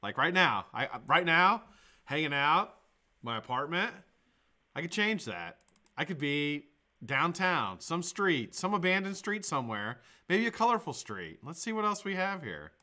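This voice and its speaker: Bright-voiced joking male live-streamer. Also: a little high, big pitch swings, measured pace. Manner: joking, rambling, swears casually. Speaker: host of a daily live vaping show. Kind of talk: casual live-stream chat. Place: home room with green screen.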